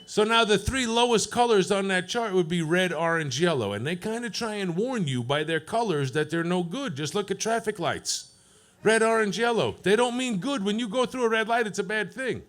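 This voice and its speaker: A man doing a profane stand-up set at an open mic, deadpan and teasing the crowd. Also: sits high, normal speed. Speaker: stand-up comedian. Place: comedy club stage.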